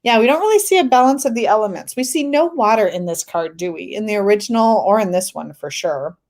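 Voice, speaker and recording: A woman's voice: mid-range voice, animated, quick pace, darkish tone. A woman hosting a tarot live stream, chatting casually, reading viewer comments aloud and laughing often.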